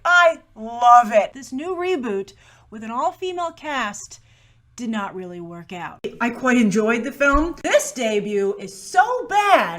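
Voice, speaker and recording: A woman film critic doing movie review commentary, gushing and emphatic one moment and flatly dismissive the next. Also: fairly high pitch.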